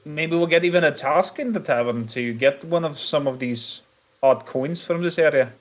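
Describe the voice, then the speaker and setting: A man playing a tabletop game, speaking in halting sentences with frequent restarts. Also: on the high side. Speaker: player. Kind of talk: casual chat in a tabletop game.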